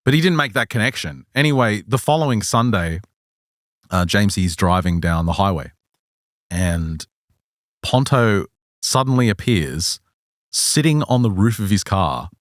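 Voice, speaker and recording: Male podcast host, slightly sick, animated storyteller, dry close mic. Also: on the low side, measured pace, no room sound. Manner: lively, laughs often while telling. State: a little sick. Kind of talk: casual storytelling chat.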